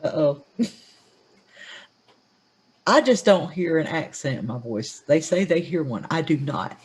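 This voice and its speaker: A woman's voice: low voice, big pitch swings, a little slow, husky. A woman co-hosting a casual show, chiming in with quips and laughing often. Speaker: co-host. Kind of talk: casual chat.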